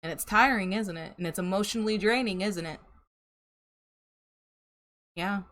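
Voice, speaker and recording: A woman's voice: mid-range voice, normal speed, a bit bright. A young woman giving a casual tarot reading to camera, chatty and sympathetic, laughing and sighing often. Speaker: tarot reader.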